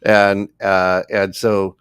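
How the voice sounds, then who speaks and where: A man's voice: deep voice, very slow, clean tone, no room sound, clean studio sound. A man co-hosting a podcast, telling a funny story in casual chat, laughing often and acting out the voices of the people in it. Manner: animated, laughing, acts out voices in anecdotes. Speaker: podcast co-host. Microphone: studio microphone.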